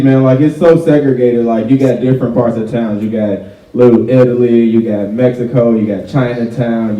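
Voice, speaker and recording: A man's voice: medium pitch, warm tone. A young man from Chicago performing a stand-up comedy set at a college show, chatty and loose, tagging his lines with "like" and "right?". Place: college auditorium with a live audience. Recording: roomy hall, mic heard from a distance.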